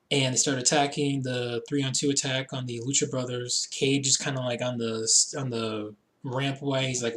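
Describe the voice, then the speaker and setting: A young man recapping a wrestling show in a casual, rambling, jokey way, often acting out quotes in silly voices. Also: medium pitch.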